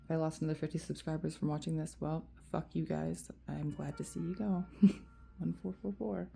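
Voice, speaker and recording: Woman vlogger, low dark gravelly voice, rambling profane venting to camera. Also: steady tone, fairly quick. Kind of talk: emotional rant to camera.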